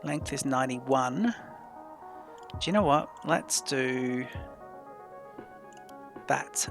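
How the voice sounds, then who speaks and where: A man hosting a let's play, thinking aloud in a chatty, unhurried way as he plans his moves. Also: mid-range voice, music in the background. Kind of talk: casual gameplay commentary.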